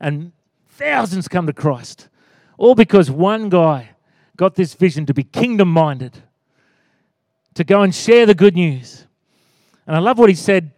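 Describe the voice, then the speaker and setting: Pastor in his forties, high voice, dry close sound, lively preaching with calls for amen. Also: a little slow, long pauses, no room sound. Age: 40s. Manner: animated, rising to loud exclaims and calls for amen. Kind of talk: sermon.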